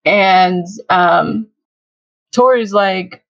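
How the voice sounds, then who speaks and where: A woman's voice: medium pitch, drawn-out words, long pauses, no room sound. Giggly young woman hosting a fan podcast, chatty, kinda muffled dry recording. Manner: giggly, chatty, lots of fillers. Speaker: podcast host. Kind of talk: casual fan podcast chat.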